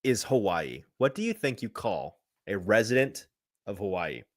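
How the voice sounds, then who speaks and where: Rambling low-voiced male podcast host. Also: very animated, normal speed, no room sound, clean studio sound. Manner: rambling, self-deprecating, chuckling asides. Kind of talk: casual sports podcast chat.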